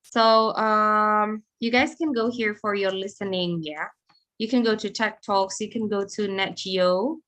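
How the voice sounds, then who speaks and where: A young Indonesian-accented woman talks over a video call, answering audience questions as a webinar guest. Her voice sits at a middle pitch, and she moves along quickly, leaning on fillers and soft trailing asides. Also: fairly even intonation. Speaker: guest speaker.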